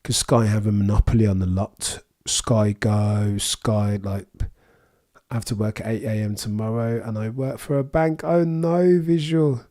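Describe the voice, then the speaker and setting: Chatty Birmingham-accented man, low voice. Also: flat delivery, unhurried, warm tone. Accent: Birmingham English. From England. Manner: chatty, reads out viewer comments, dry quips. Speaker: livestream host. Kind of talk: casual live watchalong chat.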